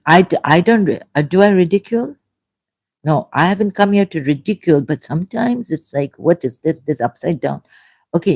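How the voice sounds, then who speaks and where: A woman, hosting a livestream and talking off the cuff in a rambling, animated way, often breaking into laughter. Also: sits low, slightly rough. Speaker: livestream host. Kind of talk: unscripted livestream monologue.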